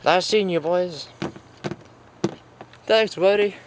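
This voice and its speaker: A man telling a toy story in a playful way, jumping between silly high and low character voices. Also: takes it slowly, noisy background. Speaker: toy video maker voicing all characters.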